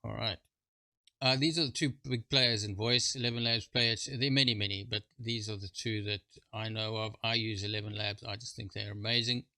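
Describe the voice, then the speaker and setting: A man presenting a screen-share software walkthrough, talking in a halting way with fillers and informal asides. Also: lowish voice, fairly even intonation, gravelly, no room sound. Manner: halting, full of fillers and restarts.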